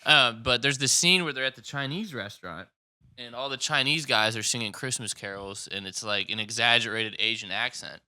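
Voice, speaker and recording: A man's voice: mid-range voice, moderate pace, pushed and bright, no echo, clean studio sound. A man from Indiana, a podcast guest, chatting casually and telling profane, laughing stories in which he acts out the people he quotes. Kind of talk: casual chat.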